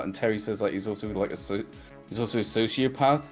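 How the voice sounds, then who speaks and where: A man's voice: on the low side, fairly quick, soft background music. A man co-hosting a podcast, chatting loosely about a cartoon series, rambling and swearing casually. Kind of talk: casual chat.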